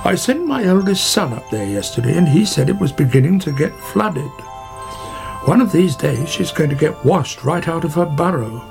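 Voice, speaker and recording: A man's voice: a little high, very animated, moderate pace, vocal fry, over music. A man voicing a chatty, friendly male otter in a storybook reading.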